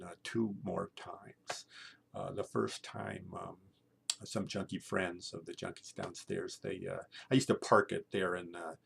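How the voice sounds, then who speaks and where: A man in his sixties tells a personal story, stopping and restarting with many fillers. His voice is low, with a heavy gravelly fry. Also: slight background noise. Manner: halting, full of fillers. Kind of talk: personal story told aloud.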